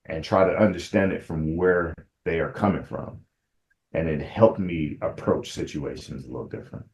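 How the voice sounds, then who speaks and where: A man who is a police sergeant and grew up in Compton, talking casually in an interview, relaxed and reflective, getting animated as he tells a story. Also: rumbling low, moderate pace, echoey room. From Compton, California. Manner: relaxed storyteller, grows animated and laughing when telling the story.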